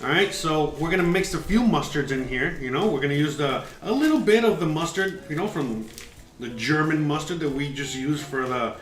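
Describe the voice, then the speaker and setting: A man's voice: on the high side, animated, moderate pace, echoey room, low-quality recording. A man hosting a casual live cooking demo, chatty and joking, filling his talk with "you know". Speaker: cooking show host. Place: home kitchen.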